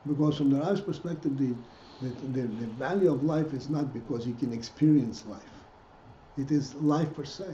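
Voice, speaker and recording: This rabbi's voice is medium in pitch and warm, moving at a moderate pace as he teaches a Hasidic text. He keeps stopping, restarting and asking his students rhetorical questions. The audio has a dull, echoing room sound and light noise.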